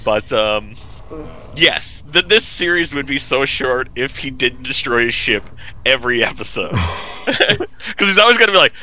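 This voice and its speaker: A man's voice: medium pitch, sing-song, moderate pace, bright, forceful tone. A man chatting casually on a podcast, rambling and acting out lines in silly voices. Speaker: podcast co-host. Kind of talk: casual chat.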